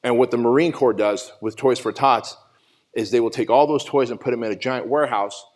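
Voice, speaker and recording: On a conference stage, a brisk, medium-pitched man in his forties from Armenia delivers a summit motivational talk. He tells his own story with raw emotion, cursing frequently throughout.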